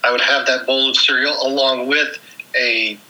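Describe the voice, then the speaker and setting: A man's voice: mid-range voice, level tone, moderate pace, pushed and bright, rough recording. A man in his forties, from the central United States, casually reminiscing in an easygoing way with frequent restarts. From US Central region. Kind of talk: casual nostalgic chat.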